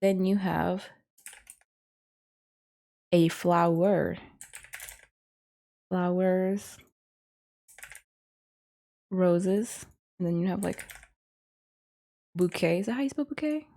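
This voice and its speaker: Drawing out her words with vocal fry and long pauses, a course instructor with a lowish, dark voice leads a casual lesson. She thinks aloud in a rambling, hesitant manner, frequently saying "um" and correcting herself.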